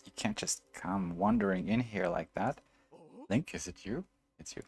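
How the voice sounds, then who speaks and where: Stern game soldier guarding a search area, as a man reads him out, low, gravelly, unhurried. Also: expressive, darkish tone, faint music behind, exaggerated voice. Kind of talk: reading game dialogue aloud.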